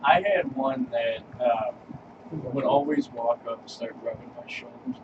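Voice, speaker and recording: A man joking around and teasing his friends in a casual radio-show chat. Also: medium pitch. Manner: teasing, quick jokes. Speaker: podcast co-host. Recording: distant, dull mic with noise.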